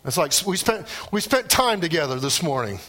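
A man preaching a sermon, animated, with his voice rising and dropping for emphasis. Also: a little high, fairly quick. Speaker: pastor.

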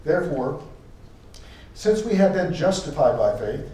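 A man preaching a sermon, emphatic, repeating key phrases for stress and switching between loud declarations and quiet asides. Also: a little high, sing-song, unhurried, pauses often. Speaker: pastor. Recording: echoey room, voice from a distance.

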